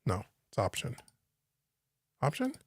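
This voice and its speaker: A man's voice: medium pitch, huge pitch swings, slow, breathy edge, no echo. A man teaching home recording on a live stream, thinking aloud as he works and puzzling over what he sees on screen. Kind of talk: live-stream software walkthrough. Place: home studio.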